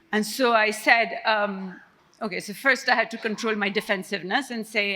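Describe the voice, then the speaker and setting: A woman's voice: medium pitch, normal speed, sharp tone. Woman giving a panel talk. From Pakistan. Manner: conversational, self-deprecating storyteller. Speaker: economist panelist. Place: conference stage before an audience.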